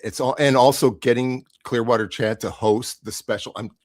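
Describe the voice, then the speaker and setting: A man guesting on a live stream, teasing the host in a deadpan way. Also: medium pitch, moderate pace, no echo, studio quality. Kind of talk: casual stream chat.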